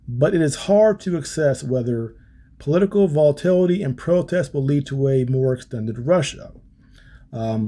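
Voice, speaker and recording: A mellow, medium-pitched male voice belongs to an American political podcast host. He reads from a policy paper and reacts in a casual manner, with many ums and restarts and the occasional wry aside.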